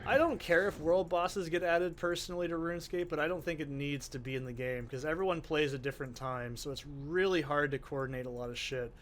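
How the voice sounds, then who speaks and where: A man's voice: on the high side, steady tone, brisk, hardly any pauses, a bit bright, a little hiss or hum. A man ranting with heavy profanity and exasperation while commentating his own gameplay. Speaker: gaming channel host. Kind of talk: let's play commentary.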